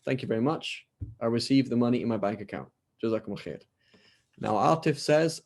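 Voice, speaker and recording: A man's voice: mid-range voice, fast talker, darkish tone. A man with a British accent teaching a class over a video call, chatty, often asking "right?" and acting out short exchanges. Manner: conversational, keeps asking "right?" and acts out little dialogues. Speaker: Islamic scholar teaching a class. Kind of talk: lecture.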